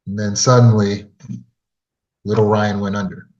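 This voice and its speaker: A man with a low voice gives an earnest lesson on trauma recovery, telling a story and then putting rhetorical questions straight to the listener. The audio is dull and muffled, like a lo-fi recording. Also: little pitch movement, normal speed, darkish tone. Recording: dull lo-fi sound.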